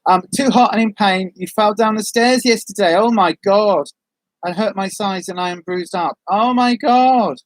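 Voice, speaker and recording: A woman's voice: mid-range voice, fairly even intonation, normal speed, no room sound. Rambling, chatty woman vlogger. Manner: rambling, friendly, frequent ums and asides. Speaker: vlogger, livestream host. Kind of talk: casual chat reading viewer comments.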